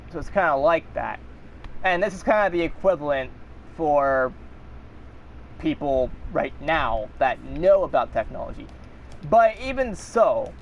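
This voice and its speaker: A man's voice: a little high, a little hiss or hum. A man ranting in an exasperated, rambling and profane way as a channel host. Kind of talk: angry rant.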